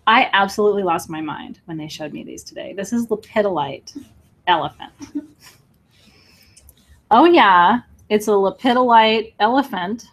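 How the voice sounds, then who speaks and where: A woman hosts a live sale stream, gushing over each piece and speaking straight to her viewers. She laughs easily, and her talk runs warm and emotional, with a voice at an ordinary middle pitch. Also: moderate pace, long pauses. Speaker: livestream crystal seller.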